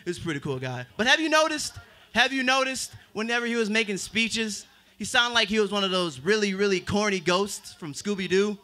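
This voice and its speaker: A man's voice: high voice, expressive, a little fast, pushed and bright. A man in his twenties doing a self-deprecating stand-up comedy set, with drawling asides. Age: 20s. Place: open mic stage at a bar.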